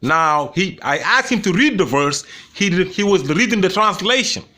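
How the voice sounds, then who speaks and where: High-pitched male host, heated and mocking commentary. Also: animated, normal speed, pushed and bright. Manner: scornful, mocking, repetitive. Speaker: debate show host replaying a clip.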